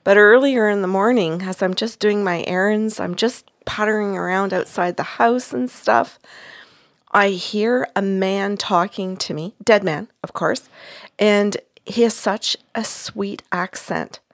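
A woman's voice: mid-range voice, measured pace, no echo, clean studio sound. A woman co-hosting a podcast as a psychic medium, telling a story in a chatty, giggly, self-deprecating way. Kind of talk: casual storytelling chat.

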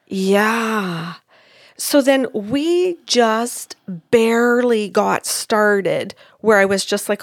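A woman's voice: mid-range voice, slow, dry recording, studio quality. A woman who works as a psychic medium, recounting a session in casual chat and acting out the others' words. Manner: animated, acts out quotes of others.

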